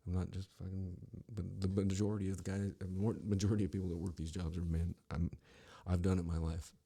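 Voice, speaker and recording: A man's voice: low-pitched, little pitch movement, quick pace, warm tone, breathy edge. A man hosting a podcast, telling a rambling, profane story with frequent restarts. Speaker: podcast host. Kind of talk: casual storytelling monologue.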